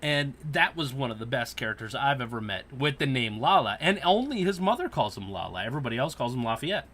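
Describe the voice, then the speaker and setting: Podcast host, male, bright voice, lively swings in pitch, profane ranting storyteller. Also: fast. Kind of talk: casual podcast chat.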